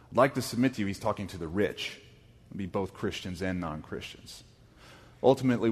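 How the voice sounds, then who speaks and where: A man preaching a sermon as pastor, reading scripture dramatically and rising to loud, emphatic bursts. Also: on the low side, long reverb tail. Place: church sanctuary.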